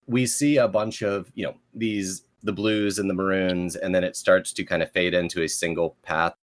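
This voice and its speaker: A man's voice: deep voice, steady tone, moderate pace. A man describing his character's actions in a tabletop game and reading out a move, in a thoughtful way. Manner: thoughtful, reads rules aloud. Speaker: player.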